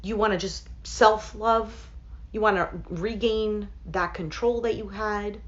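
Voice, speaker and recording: A woman's voice: medium pitch, fairly even intonation, slow, muffled recording. A woman reading tarot cards for her viewers in a casual, thinking-aloud way, with many fillers and asides. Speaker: tarot reader.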